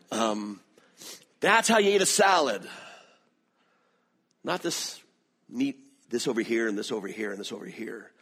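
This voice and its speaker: A middle-aged man from the American South with a Southern accent, preaching a sermon with animated storytelling. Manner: animated storytelling with lively swings in pitch. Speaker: pastor.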